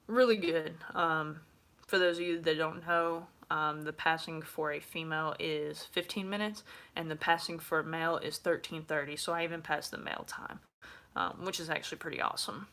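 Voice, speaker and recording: A woman's voice: low-pitched, steady tone, moderate pace, fairly bright tone. A woman, talking frankly to camera in a casual vlog, with lots of fillers. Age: 20s. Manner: chatty, frank, many fillers. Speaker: vlogger.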